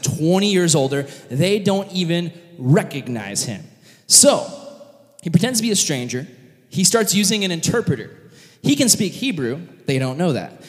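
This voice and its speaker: Animated jokey man retelling a Bible story. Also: a little high. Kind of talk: lively casual Bible storytelling. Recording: long reverb in a large hall.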